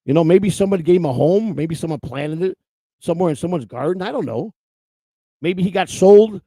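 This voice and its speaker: Gravelly, animated man telling a rambling story. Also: on the high side, a little fast, dry recording. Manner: rambling, profane, laughs at his own story. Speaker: show host telling a personal story. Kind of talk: casual storytelling.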